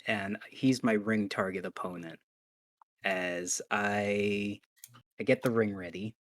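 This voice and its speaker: A man playing a tabletop game, excitable and thinking aloud as he goes. His voice is on the low side and recorded close and dry. He often breaks off and restarts his sentences. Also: slow pace, long pauses, dry recording. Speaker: player. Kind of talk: casual tabletop game play.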